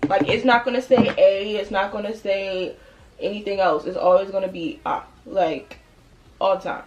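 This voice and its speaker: A young woman from the Washington DC area chatting while doing her makeup, telling stories in an animated way and putting on playful voices. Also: mid-range voice, normal speed, highs cut off. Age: young adult. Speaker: beauty vlogger. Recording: noisy home recording.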